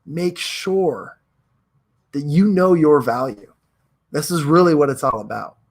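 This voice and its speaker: A young man hosting a live stream, talking in an energetic, chatty way, reading viewer comments aloud and giving motivational advice. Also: a little high, a little slow. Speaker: host.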